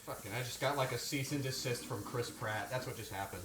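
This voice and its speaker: A man's voice: medium pitch, expressive, quick pace, few pauses, fairly bright tone. A man cooking on a live stream, chatting playfully and answering his chat as he goes. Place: home kitchen. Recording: roomy kitchen with faint noise.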